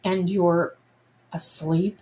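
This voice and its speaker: A woman's voice: on the low side, steady tone, very slow, warm tone, rough recording. A middle-aged woman hosting a live psychic tarot reading, musing aloud and chatting to her viewers and her cats. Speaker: psychic medium livestream host.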